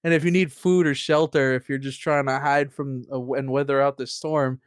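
A man's voice: medium pitch, fairly even intonation, normal speed, clear, resonant tone, no room sound, clean studio sound. A man casually recapping a tabletop game session, rambling and profane, full of restarts and laughter. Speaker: player recapping last session.

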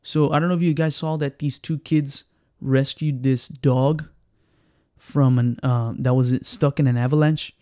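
Animated Mexican-accented man. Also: mid-range voice, a little slow, no echo, studio quality. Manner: animated storyteller who acts out quotes and slips into Spanish phrases. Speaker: podcast host. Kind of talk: casual chat.

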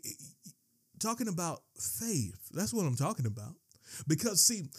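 A man preaching a sermon in a high voice. He moves between quiet scripture reading and excited yelling. When he gets worked up, he stumbles and repeats words. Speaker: pastor.

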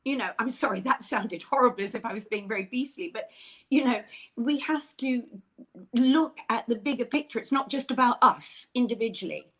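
A woman's voice: on the high side, normal speed, a bit bright. Bubbly, effusive older woman. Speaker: interview guest. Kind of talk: casual chat.

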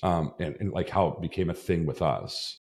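A man's voice: deep voice, moderate pace, darkish tone. A male podcast host telling a story in casual chat, rambling and swearing freely, tagging his sentences with "right?". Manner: rambling, profane, tags lines with "right?".

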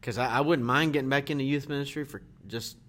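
A man who works in church ministry, answering a guest interview in a halting way, searching for words with many fillers. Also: medium pitch, steady tone, a bit bright. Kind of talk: casual interview chat.

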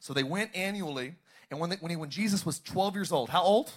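Man preaching a lively sermon. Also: high voice, a little fast. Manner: preaching with call-and-response, rising to shouts. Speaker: pastor. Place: church service, streamed online.

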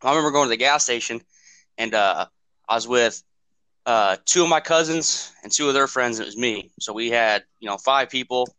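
A man co-hosts a podcast, telling a story in casual, profane, rambling speech and acting out what people said. His mid-range voice is brisk, bright, and forceful with a clean tone and no room sound, though the audio quality is poor.

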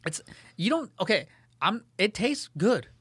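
A young man co-hosting a podcast, ranting in an animated way and swearing heavily in casual banter. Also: sits high, measured pace, breathy edge, no room sound. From Italian-American family. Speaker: podcast co-host.

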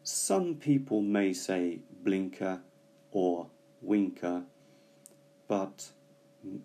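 A man teaching English vocabulary, explaining slowly and carefully with frequent pauses. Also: sits low, animated, dark tone. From Britain. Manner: slow, careful explanations with hesitations. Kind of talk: bilingual language lesson.

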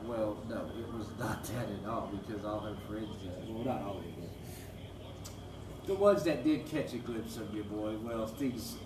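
A man telling a profane story in a casual, laid-back way, full of fillers. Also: medium pitch. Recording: echoey room, distant mic, noisy.

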